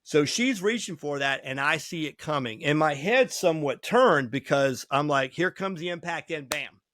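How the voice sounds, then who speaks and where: A man's voice: on the high side, normal speed, no room sound, clean studio sound. Folksy male lawyer telling stories. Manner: folksy, animated anecdotes with acted quotes. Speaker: lawyer and podcast host. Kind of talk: casual storytelling talk.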